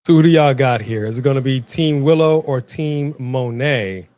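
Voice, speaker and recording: Man, mid-pitch, chatty livestream co-host. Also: moderate pace, dry recording. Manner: chatty, animated, addresses the chat. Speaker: co-host of a wrestling watch-along. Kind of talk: casual live-stream chat.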